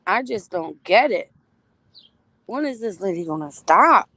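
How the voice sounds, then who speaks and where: A woman's voice: mid-range voice, expressive, unhurried, fairly bright tone. A woman hosting a casual livestream, greeting chatters by name and gossiping bluntly with frequent swearing. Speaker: livestream host.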